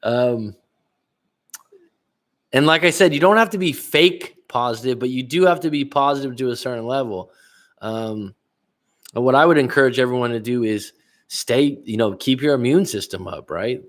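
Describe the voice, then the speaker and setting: Reading viewer comments aloud on a casual livestream, the middle-aged male relationship coach rambles and often starts over. His voice sits in the mid range at a normal pace, captured by a webcam.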